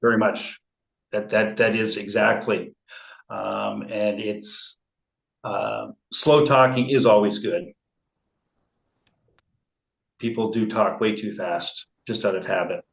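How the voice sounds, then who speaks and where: A man speaking in an interview about conflict resolution, slow and measured, with frequent fillers and restarts. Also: fairly low pitch, fairly even intonation, vocal fry, echoey room, rough recording. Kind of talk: relaxed interview talk.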